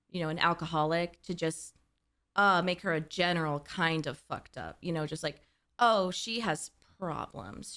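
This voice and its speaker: A young woman hosting a reaction video, talking casually in an excitable way and often laughing and swearing. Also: on the low side, clean tone.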